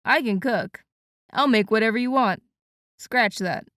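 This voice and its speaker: A playful young man who teases and jokes easily, as a woman reads him. Her voice stays clear and smooth, in a dry, close recording. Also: fairly high pitch, unhurried, fairly bright tone, no echo. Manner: playful, teasing. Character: joking adult man, teasing brother-in-law. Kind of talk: audiobook character voice.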